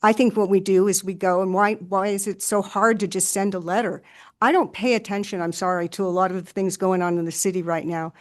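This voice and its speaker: An older retired woman giving an impassioned, frustrated public comment at a meeting, halting and restarting as she speaks. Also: mid-range voice, steady tone.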